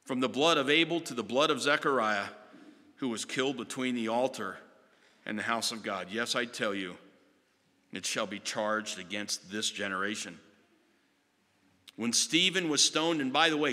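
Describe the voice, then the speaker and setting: A man preaching a sermon as pastor, moving from hushed words to loud ones and slowing down hard on key phrases. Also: mid-range voice, expressive. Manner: impassioned, swinging from hushed to loud with slow emphatic phrases. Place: church sanctuary. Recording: long reverb of a church sanctuary.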